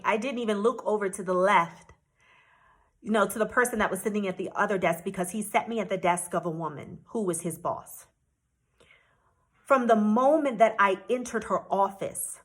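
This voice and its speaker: An American woman telling an emotional story as a vlogger, indignant and repeating herself. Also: mid-range voice. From United States. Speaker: travel vlogger.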